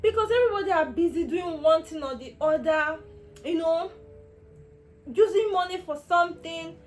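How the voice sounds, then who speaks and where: A woman's voice: extremely high pitch, fairly even intonation, a little slow, faint music behind. A young Nigerian woman vlogger telling a personal health story in an emotional, rambling way, full of restarts. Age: young adult.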